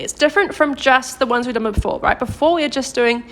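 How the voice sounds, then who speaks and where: A woman teaching a live-streamed grammar lesson, patient and encouraging, praising viewers by name and slowing down to model example sentences. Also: high voice, a bit bright, a little hiss or hum. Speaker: Korean language teacher.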